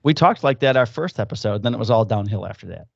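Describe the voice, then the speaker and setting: Low-voiced man in casual podcast chat. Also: expressive, fast talker, gravelly, no echo, highs cut off. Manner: loose, swearing banter. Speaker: podcast co-host. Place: at home, recording remotely.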